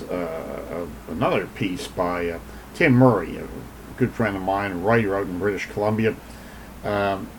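A man's voice: fairly low pitch, slight background noise, poor audio. A man hosting a talk show, speaking casually with many fillers and restarts as he comments and reads aloud. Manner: halting, full of fillers and restarts.

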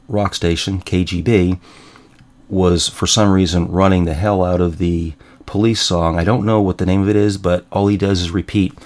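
Hosting his own show, this man has a voice that sits low with a darkish tone. He spins wry family tales in a relaxed monologue, occasionally chuckling and poking fun at himself.

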